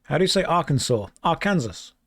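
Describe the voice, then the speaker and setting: A man's voice: fairly high pitch, animated, moderate pace, a little mellow, no room sound, clean studio sound. A man streaming a game, reading chat aloud and answering in a playful, exasperated way. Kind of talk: casual gaming stream chat.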